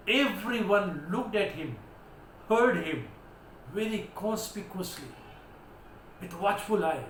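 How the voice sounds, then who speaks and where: A man's voice: high voice, a bit bright. Emphatic Indian man teaching vocabulary. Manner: emphatic, declamatory, spells words out letter by letter. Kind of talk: vocabulary lesson. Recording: echoey room with faint background noise.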